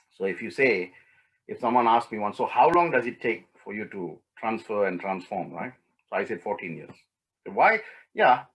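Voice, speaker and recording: A man teaches a spiritual lesson by retelling an ancient story. His voice is breathy and a little husky, at a middle pitch. He speaks the characters' lines himself and keeps checking in with his listeners. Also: low-quality recording. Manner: acts out characters' lines in the retelling, often asks "right?".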